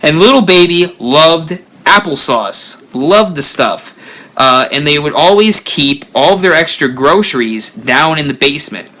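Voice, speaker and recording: A man hosting a live stream, telling a spooky story with lively rises and drops. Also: a little high, a little slow. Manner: animated storyteller, rising and dropping for effect. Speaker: haunt builder channel host.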